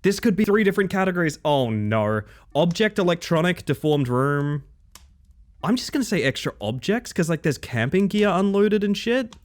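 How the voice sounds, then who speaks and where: A man streaming a horror game live, commenting casually, swearing freely and talking to his chat. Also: fairly high pitch. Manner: animated, swears freely, chats with viewers.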